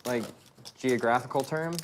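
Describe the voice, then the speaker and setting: A man's voice: mid-range voice, moderate pace. Rambling man on noisy stream audio. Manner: rambling, hesitant storytelling. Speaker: stream co-commentator. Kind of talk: casual banter on a stream.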